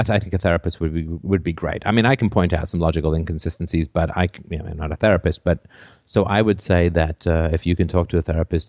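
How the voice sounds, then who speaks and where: A call-in host with a low man's voice talks through a caller's problem at length. He slips into joking bits and acted-out lines as he goes. The sound is dry and close. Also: dry recording. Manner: animated, acts out silly voices and jokes. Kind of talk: call-in show advice talk.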